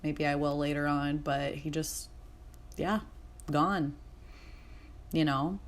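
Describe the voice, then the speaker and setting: A woman's voice: deep voice, steady tone, slow pace, pauses often. A young woman hosting her own podcast, talking candidly and casually, swearing freely and laughing at herself, with a slight cough. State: has a cough. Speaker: podcast host. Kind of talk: casual solo podcast talk.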